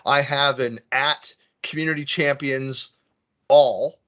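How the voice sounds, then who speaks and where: A man's voice: mid-range voice, fairly even intonation, slow, fairly bright tone, highs cut off. A man with a Western US Bay Area accent giving an online presentation, rambling and self-deprecating, with many fillers and restarts. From San Francisco Bay Area. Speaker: conference speaker. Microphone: video call.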